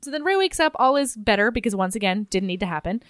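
A woman co-hosting a casual podcast, recapping a novel with wry, deadpan asides. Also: medium pitch, fast, dry recording, studio quality. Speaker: podcast co-host.

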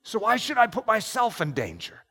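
A man voicing a calm, determined male missionary, speaking quietly and inwardly. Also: high-pitched, normal speed, creaky, husky, pitched above the performer's own voice, exaggerated voice. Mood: troubled. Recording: long echoing reverb.

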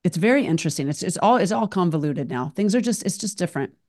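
A woman's voice: lowish voice, lively intonation, fast talker, darkish tone. A woman hosting a podcast, talking openly in long, emotional run-on thoughts. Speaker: podcast host. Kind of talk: casual conversation.

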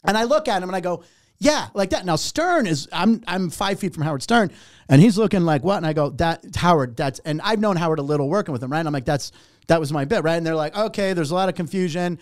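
A middle-aged man, a warm-up comedian, telling a story in casual chat, animated and profane, acting out what people said. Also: a little high, fast talker, no room sound, studio quality. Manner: animated, profane, acts out quotes.

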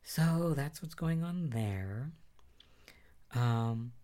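A man's voice: medium pitch, animated, extremely slow, dark tone. A man casually recapping soap opera episodes, chatty and rambling, with lots of fillers and asides. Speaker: recap vlogger.

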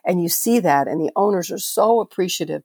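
A woman's voice: on the low side, animated, brisk, dark tone, breathy edge, no echo, clean studio sound. An older woman from Florida, a veterinarian guest on a podcast, telling stories in a passionate, conversational way with frequent restarts. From Florida, USA. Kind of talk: podcast interview storytelling.

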